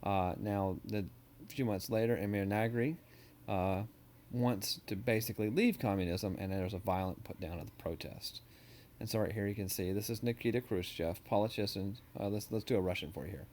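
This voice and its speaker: A man's voice: on the low side, moderate pace, a little mellow, a little hiss or hum. A man history teacher giving a casual, joking recorded lecture over slides, with many ums and uhs.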